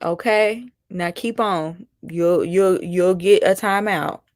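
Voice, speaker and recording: A woman's voice: lowish voice, slow pace, darkish tone, no echo, clean studio sound. A woman, hosting a casual live-stream reality-show commentary and chatting with viewers. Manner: chatty, reacts to viewer comments, mimics people mockingly. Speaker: host.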